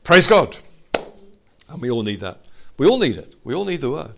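A man preaching an informal sermon to a small fellowship, swinging from quiet asides to loud exhortation. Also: mid-range voice, big pitch swings, quick pace, creaky.

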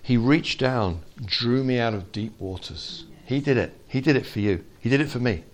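A man preaching an informal sermon to a small fellowship, swinging from quiet asides to loud exhortation. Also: mid-range voice, normal speed.

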